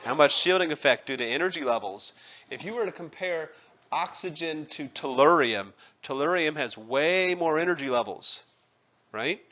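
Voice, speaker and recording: Bright-voiced man teaching chemistry. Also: on the high side, expressive, normal speed, highs cut off. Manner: conversational, asks students questions, self-deprecating asides. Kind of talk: classroom lecture.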